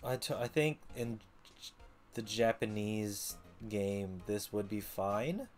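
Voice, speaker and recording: A man streaming a game playthrough, making quiet, relaxed comments. He mutters reactions as he plays. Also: on the low side, slow pace, faint music behind.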